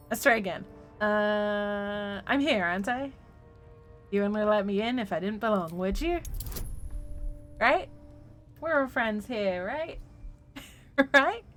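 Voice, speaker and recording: Brief: woman streamer, unhurried playful chatter, laughs easily. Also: mid-range voice, lively intonation, faint music behind. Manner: giggly, playful. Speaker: streamer playing a video game. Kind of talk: casual gaming commentary.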